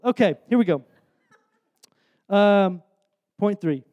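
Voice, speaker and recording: A man in his thirties delivers a sermon with a strikingly high voice for a man. His preaching is earnest and conversational, with self-deprecating asides. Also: unhurried, darkish tone, dull audio.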